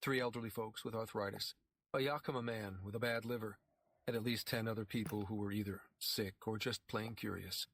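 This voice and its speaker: A man's voice: lowish voice, fairly even intonation, fairly bright tone, slight background noise. Man reading a dramatic audiobook. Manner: measured, dramatic storytelling. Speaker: narrator. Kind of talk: scripted audiobook narration.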